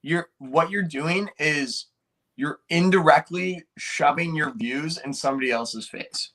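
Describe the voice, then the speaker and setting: A man's voice: fairly high pitch, measured pace, a bit bright. A young man co-hosting a casual podcast, hesitant and searching for his words. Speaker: podcast co-host.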